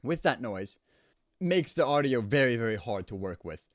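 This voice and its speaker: Close to a studio microphone, a male audio engineer gives a casual explanation of home studio recording, repeating things to underline them. He has a mid-range voice with lively intonation at a moderate pace, and slight background noise is audible.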